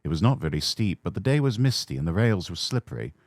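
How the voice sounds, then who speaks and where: An English man reads a children's railway story aloud in a calm ASMR style. His voice is low but moves lively in pitch, and the recording is close and dry with no room sound. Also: fast talker, dry recording. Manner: calm, soothing. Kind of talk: soft-spoken ASMR storybook reading.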